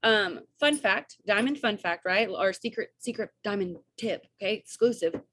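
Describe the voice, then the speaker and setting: A young woman coaching her team on a video call, chatty and upbeat, with quick asides and bits of quoted dialogue. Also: mid-range voice, expressive, a bit bright, dry recording.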